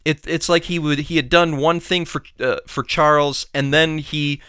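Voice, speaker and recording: A man's voice: fairly high pitch, steady tone, moderate pace, pushed and bright, clear, resonant tone, no room sound, studio quality. A man co-hosting a podcast in casual chat, rambling with many restarts and laughing easily. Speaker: podcast co-host.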